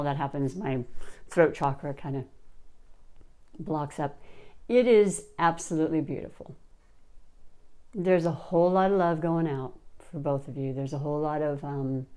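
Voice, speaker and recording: Low, mellow-voiced woman reading tarot. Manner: warm-hearted, gushing, many restarts. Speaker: tarot reader.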